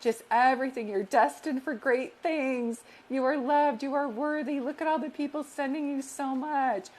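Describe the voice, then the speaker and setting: Psychic lady doing a live reading, kinda high voice, super reassuring, calls everyone sweetheart. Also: steady tone, normal speed, a little mellow. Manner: earnest, repeats affirmations. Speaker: psychic medium.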